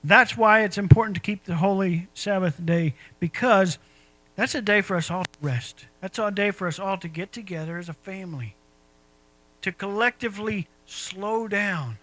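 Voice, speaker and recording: A man's voice: high-pitched, normal speed, sharp tone, rough recording. A man preaching a sermon in a folksy, conversational way, asking his listeners rhetorical questions. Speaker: pastor.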